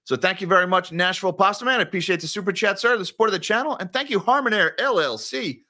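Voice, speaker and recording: A man hosts a finance channel in a loose, conversational way. He wanders and corrects himself mid-sentence. His voice is bright and forward, pitched a little high for a man. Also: lively intonation, fast. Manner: rambling, conversational, self-correcting. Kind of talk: casual livestream chat reading viewer comments.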